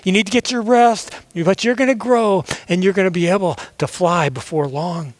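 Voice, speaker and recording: A man playing a gentle coaxing mother eagle. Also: high voice, normal speed, no echo, close to an everyday voice. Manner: coaxing, reassuring.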